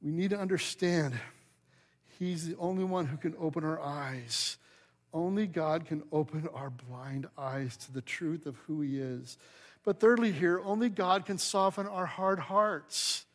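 A male pastor preaching a sermon in a church, telling the story in a lively way and putting questions to the congregation. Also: a little high, a little slow. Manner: animated storyteller, acts out quotes, asks the congregation questions.

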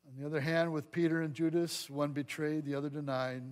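A man's voice: a little high, fairly even intonation, fairly quick. A man preaching a sermon as pastor, acting out the voices of the scripture scenes he reads. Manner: dramatic acting out of scripture dialogue.

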